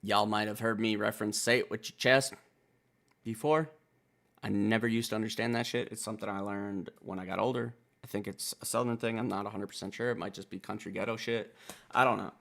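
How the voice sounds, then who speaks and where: A man's voice: lowish voice, steady tone, brisk, gravelly, a bit bright. A man from Wisconsin hosting a music reaction channel, talking in a rambling, laid-back way with plenty of swearing. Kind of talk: casual reaction commentary.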